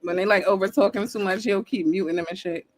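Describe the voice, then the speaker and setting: A woman's voice: medium pitch, quick pace, soft background music. A woman streamer chatting casually and with amusement as she reacts to a clip.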